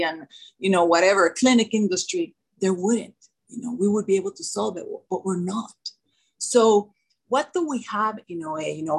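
A woman's voice: mid-range voice, slightly rough, poor audio. A woman with a non-native English accent sharing her own story at a twelve-step meeting, earnest and full of "you know" and "like". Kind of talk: personal sharing at a recovery meeting.

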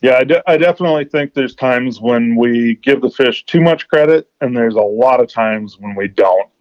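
A man hosting a fishing podcast, chatting casually and telling stories with lively quoted dialogue. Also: mid-range voice, moderate pace, no room sound. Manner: storytelling, animated in quoted dialogue. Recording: dull dry podcast audio.

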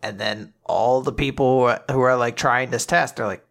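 A man hosting a casual podcast, retelling manga chapters with animated storytelling and frequent laughter. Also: medium pitch, normal speed, creaky. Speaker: podcast host.

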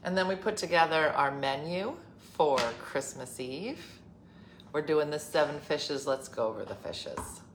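A middle-aged woman hosting a casual chat, telling a family story in a wry, deadpan way and acting out the arguments. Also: deep voice, a little slow, a little hiss or hum. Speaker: podcast host. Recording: roomy echo, faint background ambience.

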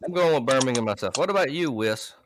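A man's voice: medium pitch, animated, quick pace, noisy background. A man hosting a podcast in loose, profane, laughing banter. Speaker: podcast host. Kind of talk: casual chat.

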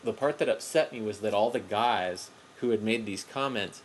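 A man's voice: fairly low pitch, normal speed, a little hiss or hum, low-quality recording. A man co-hosting a casual chat, telling a story in a rambling way and swearing freely, recorded at home. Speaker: podcast co-host. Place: home room with cats around.

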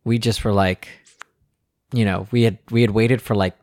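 A man's voice: lowish voice, moderate pace, no room sound, studio quality. Man telling funny family stories. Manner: animated storyteller, puts on kids' voices. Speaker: podcast co-host. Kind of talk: casual chat.

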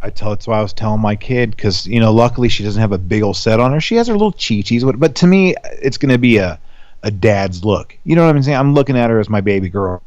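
A man's voice: on the low side, quick pace, no room sound, highs cut off. A man in his thirties, a podcast guest, telling stories in casual chat, swearing a lot and acting out quotes. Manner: animated, profane, acts out quotes in raised voices.

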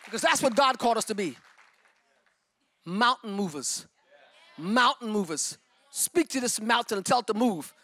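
Fervent, bright-voiced woman preaching. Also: on the high side, quick pace, few pauses, no echo, some chatter behind. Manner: fervent and emphatic, breaking into shouts. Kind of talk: sermon with personal testimony.

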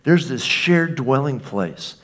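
A man's voice: mid-range voice, lively intonation, slow, fairly bright tone. A man preaching a sermon to a congregation, chatty and informal, acting out the lines he quotes. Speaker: pastor.

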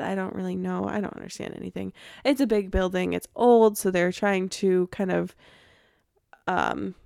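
A woman's voice: medium pitch, gravelly, darkish tone, no echo, studio quality. A woman hosting her own podcast, chatting casually and rambling, with frequent laughs. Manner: bubbly, laughs often, rambling. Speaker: podcast host. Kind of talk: casual chat.

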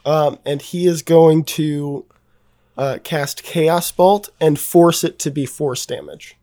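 Male tabletop player, higher voice, laid-back and joking. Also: fairly even intonation, takes it slowly, warm tone, no room sound, studio quality. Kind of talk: casual tabletop play.

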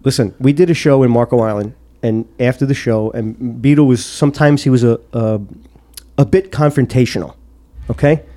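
A man's voice: mid-range voice, moderate pace. A man telling a profane story on a podcast, acting out what people said. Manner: profane, animated storyteller who acts out quotes. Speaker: podcast co-host. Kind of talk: casual storytelling.

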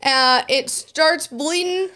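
A woman's voice: high-pitched, takes it slowly, pushed and bright. A woman co-hosting a podcast, telling a news story in a loose, profane, laughing way. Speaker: podcast co-host.

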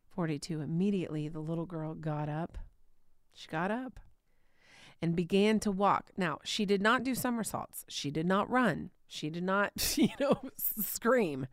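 A woman in her thirties giving a devotional teaching, soft and tender, often dropping to a whisper. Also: deep voice, no echo, clean studio sound. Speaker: podcast host.

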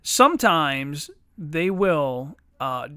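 A man's voice: a little high, sing-song, very slow, pushed and bright, clean tone, no room sound, clean studio sound. A man in his thirties co-hosting a podcast, throwing in crude jokes during casual banter. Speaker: podcast co-host. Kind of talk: casual chat.

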